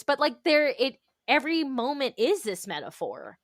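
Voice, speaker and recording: A woman guest talking candidly about motherhood, telling animated stories, acting out her own inner voice and laughing often. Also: medium pitch, moderate pace, few pauses, no echo, studio quality. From United States. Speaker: guest author. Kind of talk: candid conversational interview.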